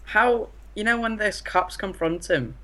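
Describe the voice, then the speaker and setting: Bright-voiced, hesitant male co-reviewer. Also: high-pitched, measured pace. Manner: short, hesitant replies. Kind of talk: casual chat.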